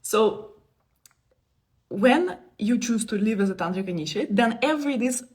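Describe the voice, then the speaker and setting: Woman in her 30s doing a chatty spiritual live stream, playful, laughs a lot, goes from soft to loud. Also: a little high, lively intonation, a little fast. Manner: playful, laughing often, swings between soft and emphatic. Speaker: spiritual teacher. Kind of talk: casual live-stream talk. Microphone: phone or webcam on a live stream.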